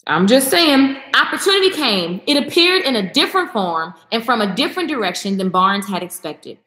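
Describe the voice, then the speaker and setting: A woman vlogger talks straight to her viewers with fiery, emphatic conviction, hammering points home by repeating them. Her voice sits a little high. The room around her is noticeably echoey. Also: big pitch swings, normal speed, sharp tone. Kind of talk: motivational talk to camera.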